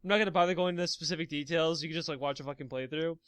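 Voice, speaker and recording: A man's voice: on the high side, fairly even intonation, racing, fairly bright tone, clean tone, no room sound. A man co-hosting a casual gaming podcast, ranting profanely as he retells a story. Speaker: podcast co-host.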